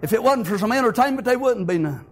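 A man preaching a fiery, folksy sermon that builds to shouts. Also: very high voice, lively intonation, fast talker.

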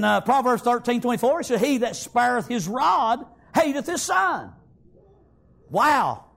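A preacher with a drawl delivers a sermon in an unusually high voice. He reads a passage aloud, stops to explain it, and checks in with his listeners by asking "Amen?" again and again. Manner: reading a text aloud and explaining it, with frequent "Amen?".

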